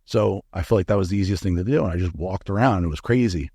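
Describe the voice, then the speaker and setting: Low gravelly man telling a frank story. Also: fast talker, mellow, dry recording, studio quality. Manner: frank and profane, with many fillers and restarts. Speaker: interview guest. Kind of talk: candid storytelling in a podcast interview.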